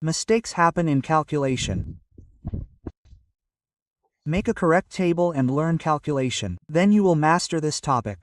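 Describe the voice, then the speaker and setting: Brisk male physics teacher. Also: a little high, no room sound, studio quality, distant mic. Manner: energetic, repetitive, coaxing students directly. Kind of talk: classroom lecture.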